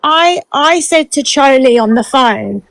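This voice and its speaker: A woman's voice: high-pitched, animated, measured pace, creaky, fairly bright tone, no room sound, poor audio. A woman arguing bluntly and indignantly in casual chat, swearing freely. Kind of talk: heated casual argument.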